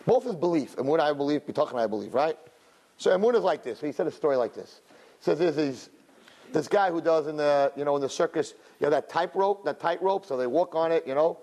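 Lively, slightly high-voiced male teacher. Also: quick pace. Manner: animated, with many "you know" and "right?" asides; acts out crowd voices in high, loud bursts. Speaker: Jewish religious teacher. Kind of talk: storytelling lesson.

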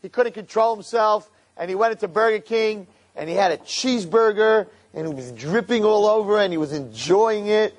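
A man's voice: high-pitched, normal speed, hardly any pauses, pitched above the performer's own voice, natural voice. A man voicing a gleeful, scheming male Satan-like spirit who gloats over a person's sins. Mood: gloating. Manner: gloating, excited, whooping.

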